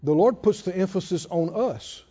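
A man delivers a sermon at normal speed in a high, mellow voice full of lively intonation. He hammers and repeats words, his pitch soaring and dropping sharply, all heard through a dull, lo-fi recording with hall reverb.

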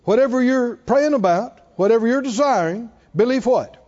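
A man's voice: extremely high pitch, expressive, moderate pace, darkish tone. A man preaching a sermon emphatically, repeating and stressing words, his voice rising and dropping sharply. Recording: dull lo-fi recording in a reverberant hall.

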